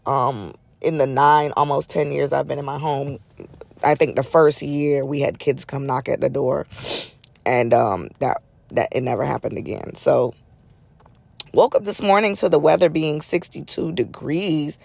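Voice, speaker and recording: A woman's voice: low voice, measured pace, creaky, a little mellow, no echo. A middle-aged woman hosting a solo podcast in casual, chatty talk, her nose a little stuffy, with folksy asides. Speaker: podcast host.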